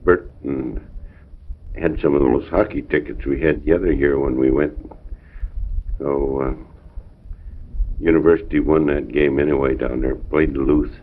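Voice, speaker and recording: Man with an extremely deep voice, plain and unhurried, heard through a tinny old home tape. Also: steady tone. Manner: plain, unhurried, short remarks with fillers. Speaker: family member recording an audio letter. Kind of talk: plain homey audio letter. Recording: thin, narrow old home tape recording.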